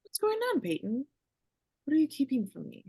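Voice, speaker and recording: A woman playing a breathy, anxious girlfriend. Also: high-pitched, huge pitch swings, fairly quick, warm tone, no echo, heavily acted. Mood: worried. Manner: pleading and anxious. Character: worried young woman, his girlfriend. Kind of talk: amateur script read-through.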